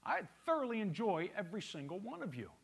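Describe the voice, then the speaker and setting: A man preaches to his church, his voice sitting a bit high and swinging widely in pitch. He talks in a conversational, teasing way with the congregation, speaking into a stage mic. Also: very animated, quick pace, vocal fry, slightly rough. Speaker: pastor. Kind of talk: sermon. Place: church sanctuary.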